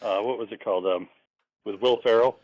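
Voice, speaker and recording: A man's voice: on the low side, brisk, a little mellow, dry recording. Rambling man calling in on a dull line. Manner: rambling storyteller. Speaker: caller. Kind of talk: casual chat, telling a joke. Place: outdoors.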